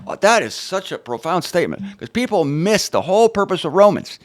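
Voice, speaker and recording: Animated man giving wry Bible teaching. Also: high voice, a little fast, no room sound. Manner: emphatic and animated, with wry sarcastic asides. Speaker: Bible teacher and show host. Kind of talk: informal Bible teaching to camera.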